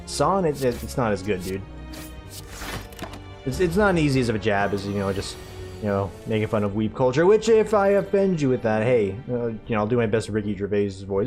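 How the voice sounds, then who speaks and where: A man's voice: medium pitch, animated, brisk, darkish tone. Brief: man, mid-range voice, casual let's-play chatter, sarcastic and rambling, faint music behind. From United States. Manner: rambling, sarcastic, joking asides. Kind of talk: casual gameplay commentary.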